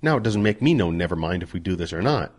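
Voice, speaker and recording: A man's voice: sits low, animated, fast talker, a little mellow. A man doing a brash, cheeky orphan boy. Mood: cocky. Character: cocky talkative orphan boy.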